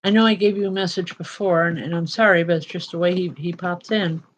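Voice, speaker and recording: This show host and spiritual medium speaks briskly in a lowish voice with fairly even intonation while giving live spirit-message readings. She chats and apologizes, leans on ums, and sometimes becomes emotional.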